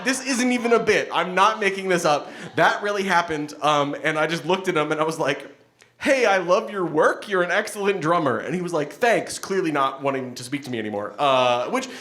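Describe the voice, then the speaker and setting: A male poet performs his spoken word pieces live in an event hall before an audience, his voice slightly high, bright, and forceful. Between poems he drifts into rambling, self-deprecating asides and laughs at himself. The hall gives the recording a noticeable echo.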